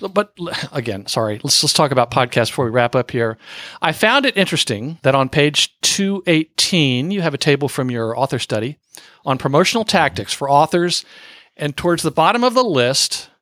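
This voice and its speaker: A man hosting a podcast interview, animated and quick to laugh, with self-deprecating asides. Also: on the high side, no room sound, clean studio sound. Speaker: podcast host. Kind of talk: podcast interview, asking questions.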